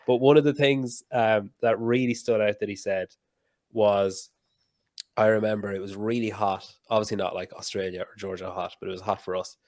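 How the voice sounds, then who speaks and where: A man's voice: on the low side, steady tone, normal speed, darkish tone, dry recording. A man hosting a podcast, chatting casually and telling rambling, laugh-filled stories with the odd swear word. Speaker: podcast host. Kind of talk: casual chat.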